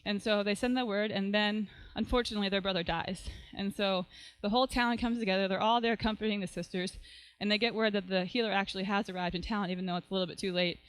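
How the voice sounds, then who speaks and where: A woman's voice: medium pitch, steady tone, fast, hardly any pauses, smooth, rough recording. A woman pastor preaching a sermon, retelling a story in a conversational way and often checking in with "right?".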